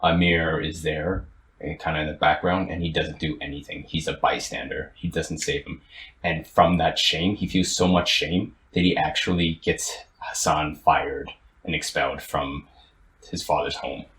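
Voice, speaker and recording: A young man co-hosting a podcast, retelling a story in casual chat with lots of restarts and fillers. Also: a bass voice. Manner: animated, halting storyteller with many restarts. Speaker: podcast co-host. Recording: roomy, with faint ambient noise.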